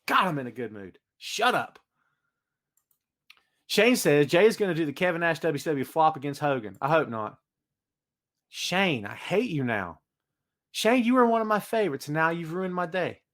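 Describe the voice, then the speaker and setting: Hosting a solo wrestling podcast on a live stream, a man with a fairly high voice talks at normal speed and pauses often. He rants with animated energy, hypes predictions, and reads chat comments out.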